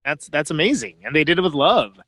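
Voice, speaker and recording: A man hosting a podcast in casual chat, chiming in with quick agreements and laughing along. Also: on the high side, big pitch swings, fairly bright tone. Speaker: podcast host.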